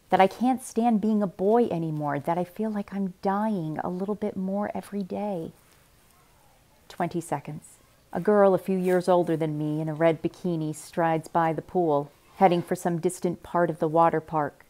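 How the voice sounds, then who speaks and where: Soft-spoken woman reading a novel aloud. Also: fairly low pitch. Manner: quiet, measured first-person narration. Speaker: reader.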